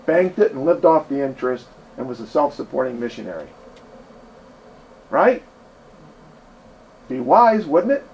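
A man preaching a sermon in a church, impassioned and emphatic, swinging from loud declarations to quiet, drawn-out lines. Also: mid-range voice, big pitch swings, creaky, lo-fi sound, a little hiss or hum.

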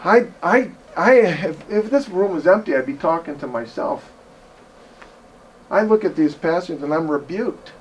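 A man preaching a sermon in a church, impassioned and emphatic, swinging from loud declarations to quiet, drawn-out lines. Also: high voice, expressive, slight background noise.

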